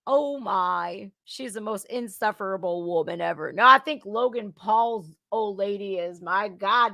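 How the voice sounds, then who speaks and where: A woman's voice: mid-range voice, unhurried, gravelly, few pauses, bright, forceful tone, dry recording, clean studio sound. A woman hosting a casual reaction livestream, chatty and exclamatory, talking straight to her viewers. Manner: chatty, exclaiming, laughing asides. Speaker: commentary livestream host.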